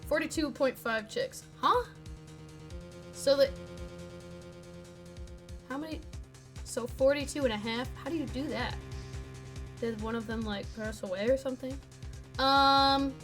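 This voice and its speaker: A young woman chats casually on a live stream from home, teasing her cat between thoughts. Her voice is bright and sharp, pitched a little high, with faint music underneath. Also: measured pace, long pauses.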